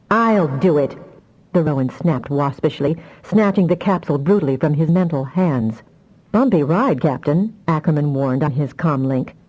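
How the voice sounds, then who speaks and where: A woman narrating a fantasy audiobook with expressive storytelling. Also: sits low, lo-fi sound.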